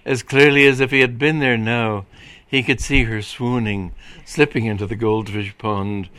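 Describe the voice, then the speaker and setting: A man reading a comic story aloud in a dry, measured way. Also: mid-range voice, fairly even intonation, sharp tone, dry recording. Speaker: reader.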